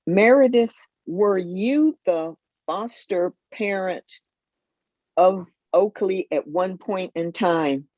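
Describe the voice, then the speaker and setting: Slow careful woman, dull lo-fi sound. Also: mid-range voice, a little mellow, no room sound. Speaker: board member. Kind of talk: question at a hearing. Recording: dull lo-fi line.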